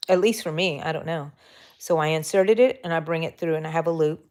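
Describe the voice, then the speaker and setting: A woman's voice: sits low, brisk, a little mellow. A woman with a Texan accent hosting a casual crochet livestream, chatting with viewers and talking to herself as she works. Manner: chatty, talks to herself and viewers while working. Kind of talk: casual crochet tutorial chat.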